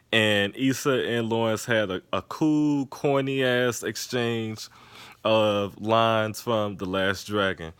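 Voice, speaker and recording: Low-voiced man profanely recapping a TV episode. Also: no room sound. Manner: profane, animated retelling with voiced quotes of characters. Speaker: TV episode reviewer. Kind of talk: casual recap and commentary. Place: sitting on a couch indoors.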